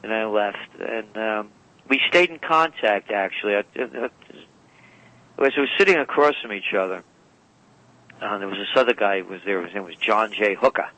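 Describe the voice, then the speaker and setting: A man's voice: lowish voice, moderate pace, pushed and bright, no echo, low-quality recording. A man as a radio guest, telling long rambling anecdotes and often correcting himself. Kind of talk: storytelling interview talk. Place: radio call-in or studio.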